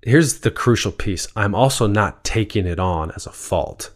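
A man talks through his ideas in a relaxed interview, his voice slightly low. He is earnest and candid, drops curse words freely, and slips into quoted lines as he speaks. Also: normal speed. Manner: earnest and openly swearing, acts out quoted voices. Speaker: guest, bodyworker and spiritual healer. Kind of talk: reflective conversational talk.

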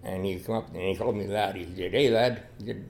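A man's voice: low-pitched, level tone, fast, a little mellow, slight background noise. An older man, a podcast guest, telling a long, rambling story in a folksy way. He restarts often and keeps saying "you know.". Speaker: podcast guest, dog trialer. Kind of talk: casual storytelling interview.

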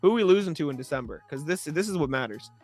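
A young man co-hosting a sports podcast, ranting sarcastically and clearing his throat often. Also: a little high, lively intonation, fast talker, darkish tone, soft background music. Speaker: podcast co-host.

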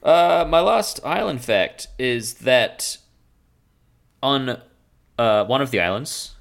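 A man co-hosting a podcast in casual comedic chat, with a dry, deadpan way of joking. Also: medium pitch, slow, gravelly. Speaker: podcast co-host.

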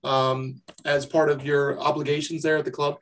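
A man with a somewhat higher voice hosts a relaxed podcast interview. He is playful, firing off light questions and word games at his guest. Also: normal speed, a little hiss or hum. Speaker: podcast co-host.

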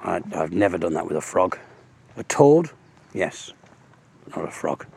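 A man's voice: low voice, sing-song, measured pace, gravelly, darkish tone, breathy edge. A man rambling through a self-mocking comic monologue while walking outdoors along a road, full of jokey asides. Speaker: audio blogger.

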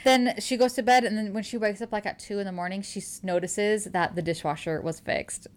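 A young woman co-hosting a book podcast, recapping a romance novel in casual chat, animated and laughing often as she quotes the characters. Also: medium pitch, a little fast.

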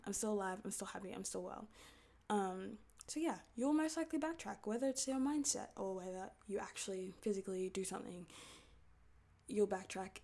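A woman's voice: mid-range voice, mellow. Candid young woman. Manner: candid, rambling, with many fillers. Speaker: video creator. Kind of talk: casual advice talk.

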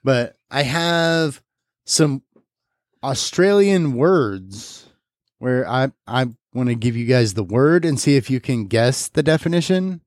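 Podcast host, mid-pitched man, relaxed and chatty, dry close mic. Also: takes it slowly, dry recording. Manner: easygoing, explains with fillers. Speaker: podcast host running a game. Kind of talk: casual chat.

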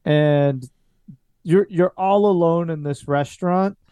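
Relaxed man running a tabletop game. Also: on the high side, smooth, no room sound. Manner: relaxed, informal, halting. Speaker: game master.

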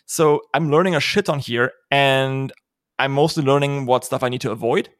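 A man chats on his podcast in a laid-back, joking way and swears freely. His voice sits at an ordinary pitch. The sound is dry and close, with no room around it. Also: normal speed, a bit bright, dry recording. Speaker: podcast host and author. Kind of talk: casual podcast chat.

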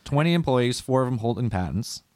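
A man's voice: medium pitch, lively intonation, fairly quick, darkish tone, no room sound. A man hosting a casual conspiracy podcast, rambling and swearing as he walks through what he read. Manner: rambling, profane, loses his notes. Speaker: podcast host.

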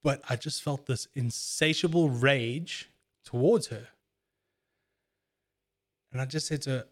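This is a man in casual conversation who talks in an earnest, reflective manner. He tells his stories at an even, everyday pitch and thinks them through aloud as he goes. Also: slow pace, pauses often. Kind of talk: casual chat.

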